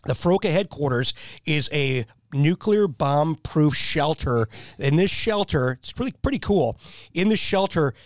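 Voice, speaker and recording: A man with a slightly high voice rattles off animated anecdotes in an easy podcast chat, often laughing at his own jokes. The sound is close and dry, with no room in it. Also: a little slow, dry recording. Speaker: guest telling stories. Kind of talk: casual storytelling chat.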